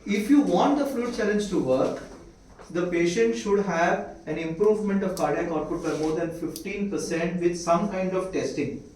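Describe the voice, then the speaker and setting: A high, darkish male voice at normal speed belongs to an Indian-accented man lecturing on medicine, who keeps quizzing his students with rhetorical questions. The room is echoey, the mic sits far away, and there's faint hiss.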